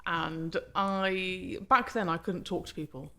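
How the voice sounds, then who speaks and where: A young woman, a wedding photographer, chatting casually in an interview, blunt and lively, sometimes swearing and acting out clients. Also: lowish voice. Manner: chatty, blunt, swears, acts out clients and herself in quick voices. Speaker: wedding photographer, podcast guest.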